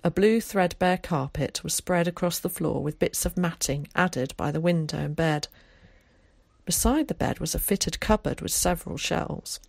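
A woman reading an audiobook aloud in a steady, measured way. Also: lowish voice, creaky, no echo. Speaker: audiobook narrator. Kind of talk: scripted audiobook narration.

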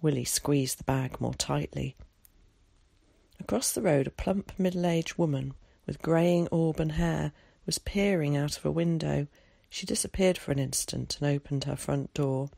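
A narrator reading a novel aloud in a measured storytelling manner. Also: medium pitch, creaky, warm tone, dry recording, clean studio sound. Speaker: audiobook narrator. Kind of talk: scripted narration.

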